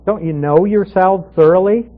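A man with a fairly high voice teaches through a Bible passage verse by verse. He talks conversationally, asking questions and answering them himself. The sound is thin and phone-like, as on a radio broadcast. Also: moderate pace.

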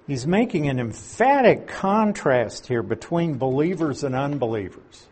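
A man's voice: a little high, very animated, darkish tone, slightly rough. A man teaching the Bible verse by verse, reading passages aloud and explaining them with emphasis. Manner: slow, emphatic, reads scripture aloud and explains it.

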